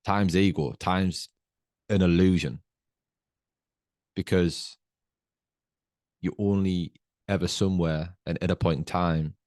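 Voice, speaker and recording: Podcast host, male, very low voice, dry close mic; earnest motivational monologue, slow and emphatic. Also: steady tone, a little mellow, no echo.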